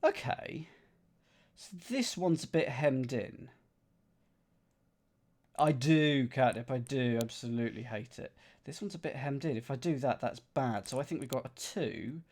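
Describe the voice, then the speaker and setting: A man streams a puzzle game and reasons out each level aloud. He counts squares under his breath and talks casually to his viewers. His voice sits in an ordinary middle pitch. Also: moderate pace, darkish tone. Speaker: gaming streamer.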